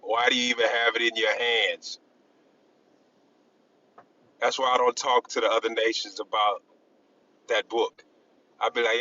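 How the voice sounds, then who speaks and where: A man in a casual group discussion, talking in a rambling, halting way with many restarts and emphatic bursts. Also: mid-range voice, level tone, bright, forceful tone, lo-fi sound. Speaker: discussion panelist.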